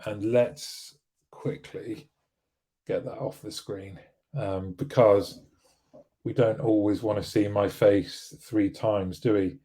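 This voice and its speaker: A man's voice: on the low side, steady tone, slow pace, dark tone. A man hosting a weekly live show, chatting casually and rambling, with frequent restarts and fillers. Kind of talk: casual live-stream talk, reading viewer comments.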